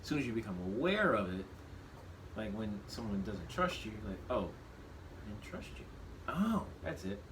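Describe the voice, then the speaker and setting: A man in his thirties with a low, grounded voice talks through his thoughts in a shop, circling back and restarting sentences as he goes. A steady background noise sits under everything he says. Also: moderate pace. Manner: reflective, restarts often, animated when quoting himself. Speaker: podcast co-host. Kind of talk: casual conversation.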